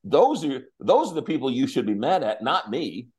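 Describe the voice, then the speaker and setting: A man hosting a talk show, chatting about politics in an animated, repetitive, exasperated way. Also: medium pitch, moderate pace. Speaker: radio talk host. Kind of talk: casual political chat.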